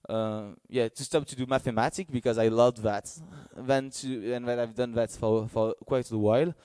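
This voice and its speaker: Earnest halting man preaching. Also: mid-range voice, smooth, no room sound. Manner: halting, searching for words, earnest; gets excited and loud in bursts. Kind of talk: sermon.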